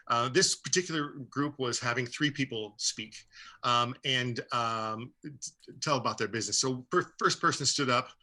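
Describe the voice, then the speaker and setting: A man's voice: medium pitch, sharp tone. A man on a radio interview, telling a story in a rambling way with many fillers and restarts. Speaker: guest. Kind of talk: conversational storytelling.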